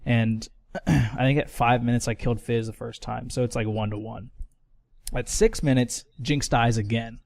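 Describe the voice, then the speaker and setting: A man's voice: medium pitch, fairly even intonation, moderate pace, gravelly, darkish tone, no room sound. A man co-hosting a casual podcast, telling a long story with lots of fillers, restarts and swearing. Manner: rambling, swears a lot, many fillers and restarts. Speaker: podcast co-host.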